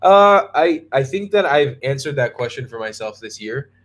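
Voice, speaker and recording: A tired young travel vlogger chats casually on a live stream, yawning as he answers viewer comments and rambling and restarting along the way. His voice sits at medium pitch with lively intonation, a moderate pace and a fairly bright tone.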